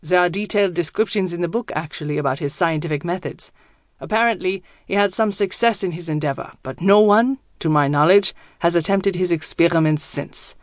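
A woman voicing a courteous older male professor with a deep voice and a German accent, speaking formally. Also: fairly quick, dry recording, studio quality, natural voice.

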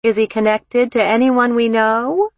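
A woman voicing a composed, calculating older mother who asks measured, probing questions, with a husky voice. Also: mid-range voice, wildly swooping pitch, dry recording, full character voice.

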